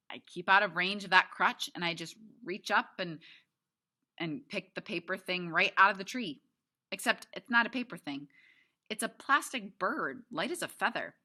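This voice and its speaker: Woman teacher, read-aloud to class, bright lowish voice, chatty asides. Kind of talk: reading a novel aloud to a class.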